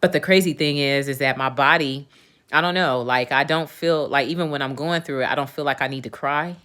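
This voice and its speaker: A woman's voice: sits low, a little fast, a bit bright. Candid, swearing woman venting to viewers. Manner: candid, profane and emphatic; talks straight to viewers, often asks "you know what I'm saying". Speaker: livestream host. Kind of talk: casual venting chat.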